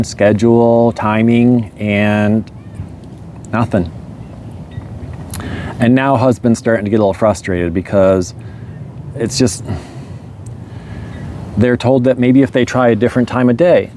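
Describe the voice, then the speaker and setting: A man telling a story in a relaxed, rambling way, chuckling often. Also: mid-range voice, slight background noise. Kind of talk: casual storytelling monologue.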